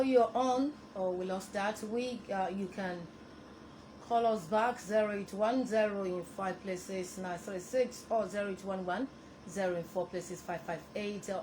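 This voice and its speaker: A woman hosting a radio phone-in show, brisk and polite as she takes callers and reads out the phone lines. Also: medium pitch, a little mellow, a little hiss or hum, low-quality recording. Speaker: radio talk show host. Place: radio studio.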